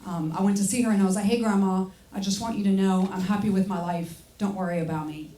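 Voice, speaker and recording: A woman from France with a French accent, performing a stand-up comedy set in a club, deadpan with playful put-on voices. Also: medium pitch, quick pace. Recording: roomy club sound, mic at a distance, audible noise.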